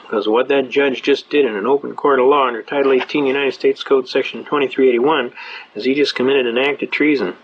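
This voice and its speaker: An older man lectures in a folksy, talkative way, pressing his points and circling back to repeat them. His voice sits at an ordinary pitch. The recording is a bit muffled, with a faint hiss underneath. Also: fairly even intonation, fairly quick. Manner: conversational, emphatic, repeats himself. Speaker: seminar speaker on constitutional rights.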